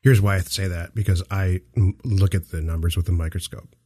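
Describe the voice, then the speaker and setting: Deep husky guy rambling on a podcast, jokes around, lots of restarts. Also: steady tone, fairly quick, dark tone. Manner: rambling, self-interrupting, jokey. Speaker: podcast host. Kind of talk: casual chat. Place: dark office.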